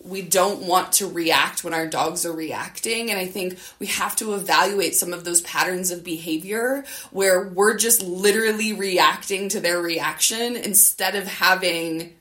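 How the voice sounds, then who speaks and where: A woman's voice: on the low side, unhurried, few pauses, fairly bright tone, echoey room. A woman hosting a podcast about dogs, talking in a loose conversational way with lots of "right?" and "you know". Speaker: podcast host. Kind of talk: casual interview chat.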